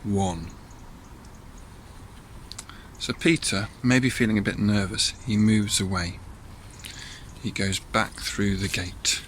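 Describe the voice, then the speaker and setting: Man telling a church story, low voice. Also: a little slow, a bit bright, slight background noise. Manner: chatty storytelling with asides to listeners. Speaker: church all-age talk leader. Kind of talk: all-age Bible story talk.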